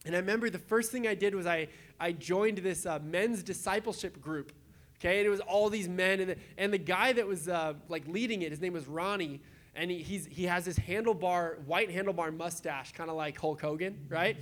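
A man preaching a casual, conversational sermon as a pastor, animated and chatty, acting out voices as he goes. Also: sits high, fairly quick. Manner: animated, acts out quoted voices, chatty asides.

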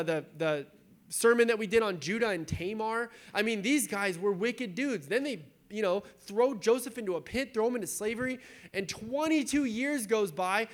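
A man with a notably high voice gives a sermon in a church. He reads scripture aloud, then talks it through loosely and conversationally, full of "like" and "right?". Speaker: preacher.

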